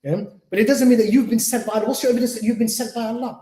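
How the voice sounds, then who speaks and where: Fast-talking male Islamic teacher, echoey hall. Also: very high voice, fairly even intonation, warm tone. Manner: conversational, acts out dialogues, repeats "you see". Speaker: Islamic teacher and spiritual healer. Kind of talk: mosque lecture.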